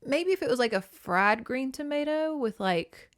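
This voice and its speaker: A woman's voice: high voice, expressive, moderate pace, dry recording, studio quality. A woman hosting a podcast, chatting casually with laughs and the odd swear word while summarizing and reading from a novel. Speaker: podcast host. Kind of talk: casual chat and read-aloud.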